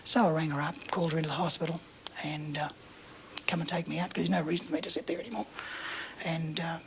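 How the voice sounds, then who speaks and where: Australian male guest, breathy half-whisper, lively yarn-spinner acting out dialogue, faint room noise. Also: on the high side, quick pace. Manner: animated anecdotal, acts out dialogue. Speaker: interview guest. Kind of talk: casual storytelling.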